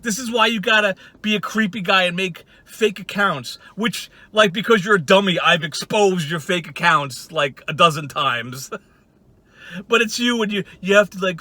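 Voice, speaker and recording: A man's voice: high voice, moderate pace, sharp tone. A man hosting his own channel, ranting casually in a profane, sarcastic and rambling way. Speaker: channel host.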